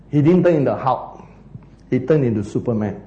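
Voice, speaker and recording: A man preaching a sermon as pastor, telling a Bible story in an animated way with laughs and playful asides. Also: medium pitch, reverberant, lo-fi sound.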